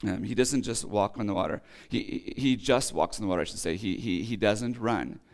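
A man giving a relaxed, chatty sermon, reading scripture and then explaining it with casual asides, his voice a little rough today. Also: on the low side, a little fast. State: voice acting up, slightly rough. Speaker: preacher. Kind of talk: conversational sermon.

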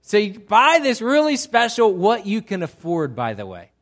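A man preaching a sermon as pastor, animated, moving from quiet asides to loud excited outbursts. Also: high voice, normal speed.

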